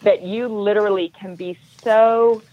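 A middle-aged woman telling her story as a podcast guest, earnest and animated. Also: medium pitch, unhurried, dry recording, lo-fi sound. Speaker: podcast guest, triathlon coach.

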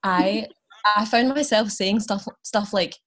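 A woman's voice: mid-range voice, slow. Chatty Scottish woman in her twenties. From Scotland. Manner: chatty, laughing often, lots of fillers. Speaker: podcast guest. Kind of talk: casual chat, storytelling.

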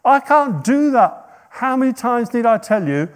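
Man doing a high, emphatic prophet voice, insistent and lively. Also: a little slow. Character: stubborn angry male prophet refusing to curse.

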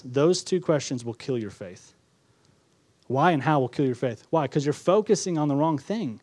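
Male pastor preaching a sermon, higher-pitched voice, dry close sound, repetitive emphatic delivery. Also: lively intonation, normal speed, dry recording. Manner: preaching with repetition, rising to emphatic then dropping soft.

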